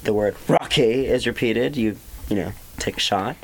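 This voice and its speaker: A man's voice: lowish voice, normal speed, vocal fry. A young American man co-hosting a podcast, chatting casually in a playful, giggly, self-mocking way. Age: young adult. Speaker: podcast co-host. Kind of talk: casual chat.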